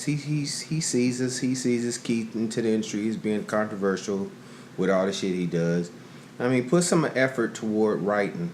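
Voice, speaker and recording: A man's voice: fairly low pitch, darkish tone. A middle-aged man co-hosting a podcast, telling profane stories in casual chat and acting out quotes. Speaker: podcast co-host. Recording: roomy echo, faint noise.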